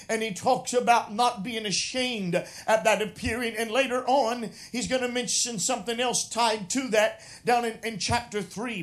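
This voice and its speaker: A man's voice: very high-pitched, a bit bright. A man preaching an expository sermon, reading scripture aloud and explaining it, with frequent "uh" fillers and passages that build to emphatic, raised preaching.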